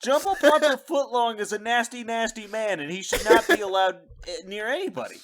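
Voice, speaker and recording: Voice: medium pitch, brisk. Podcast cohost joking around, voice swoops all over, casual chat. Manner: animated, joking. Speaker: podcast co-host.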